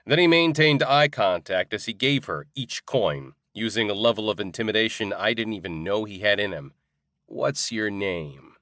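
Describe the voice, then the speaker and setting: A man narrating a first-person audiobook in an expressive, conversational way. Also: fairly low pitch, normal speed, hardly any pauses, dry recording, studio quality.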